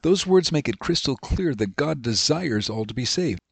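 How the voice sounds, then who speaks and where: A man's voice: mid-range voice, lively intonation, vocal fry, breathy edge, dry recording. Man teaching a Bible lesson, dry. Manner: slows down and lifts his voice reading scripture.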